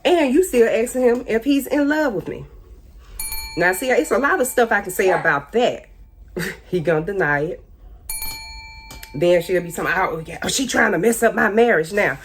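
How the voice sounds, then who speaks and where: A woman's voice: mid-range voice, animated, normal speed, pauses often. A woman in her forties telling her side of a painful family story in a candid, pointed, repetitive way, her speech loose and informal. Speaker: speaking out about her ex-husband. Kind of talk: emotional personal testimony.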